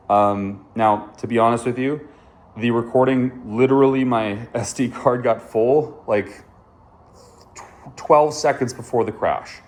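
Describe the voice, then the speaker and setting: A man's voice: medium pitch, a little slow. A motorcycle vlogger, a man, casually telling his viewers a story, candid and swearing freely. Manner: candid, swears often, addresses viewers as dude and bro.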